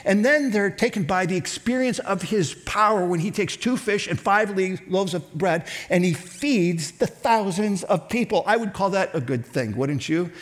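A man's voice: high voice, normal speed, hardly any pauses. A man preaching a sermon as pastor to several church campuses and viewers online, acting out voices as he goes. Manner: animated, acts out grumbling voices.

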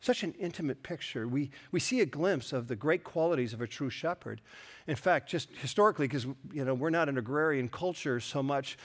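A man's voice: a little high, animated, brisk. A middle-aged man preaching a sermon, earnest and storytelling, with touches of self-deprecating humor. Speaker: pastor.

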